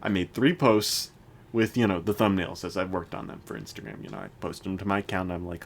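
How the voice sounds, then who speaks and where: A man's voice: sits low, fast, a little hiss or hum. A young man co-hosting a podcast, rambling casually with lots of fillers and laughter. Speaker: podcast co-host. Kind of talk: casual chat.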